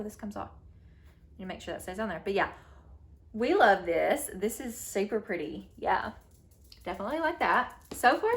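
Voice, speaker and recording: A young woman vlogger chatting casually at home while unboxing books, bubbly and prone to excited gasps and squeals, sometimes reading blurbs aloud. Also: medium pitch. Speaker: book vlogger.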